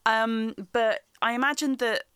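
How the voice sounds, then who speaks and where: Young woman, podcast co-host, chatty and giggly with lots of restarts; smooth, dry, close sound. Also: on the high side, steady tone, unhurried, fairly bright tone, no room sound. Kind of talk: casual chat.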